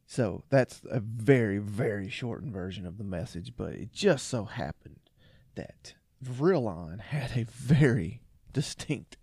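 Mellow-voiced man on a podcast. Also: on the low side, lively intonation, unhurried, gravelly, husky, no echo, studio quality. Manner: laughs often, trails off and restarts. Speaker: podcast co-host. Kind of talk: casual chat.

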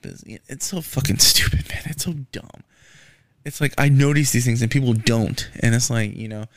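A young podcast host in Houston rants on his casual solo show, swearing a lot and filling gaps with "man" and "um." His voice is medium in pitch and creaky, and the recording is dry.

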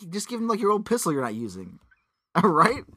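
A man co-hosting a casual movie review podcast, animated and profane, laughing often. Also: high-pitched, fairly quick, breathy edge, dry recording, clean studio sound. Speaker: podcast co-host.

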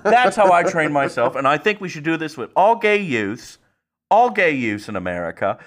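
A man's voice: fairly high pitch, big pitch swings, normal speed, slight background noise, voice pushed up. A man on a comedy podcast imitating a smug, self-important young male pundit who lectures the host.

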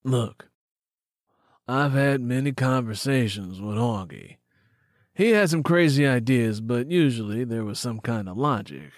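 A man reading an audiobook, voicing a stern, skeptical small-town male police officer who questions slowly and bluntly. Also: medium pitch, lively intonation, no room sound, studio quality, natural voice. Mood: probing. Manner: slow, deliberate, blunt questioning. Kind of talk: audiobook character voice.

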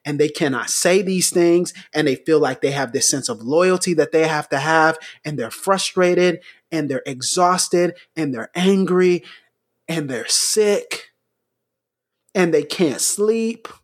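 A man co-hosting a talk show who gives impassioned commentary. He hammers his points through repetition and surges upward into near-shouts. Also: high-pitched. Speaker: podcast co-host.

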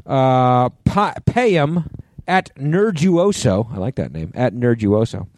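A man co-hosting a podcast in casual chat, a little hoarse, reading out listener questions. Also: mid-range voice, sing-song, slow, a little mellow, no echo. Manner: chatty, reads listener questions. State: hoarse, clearing throat. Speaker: podcast co-host.

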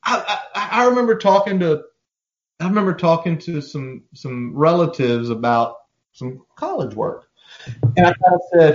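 Sports podcast co-host, male, animated and profane, lo-fi room sound. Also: medium pitch, normal speed. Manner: animated, profane, acts out quoted exchanges. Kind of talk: casual sports chat. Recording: echoey room, dull lo-fi sound.

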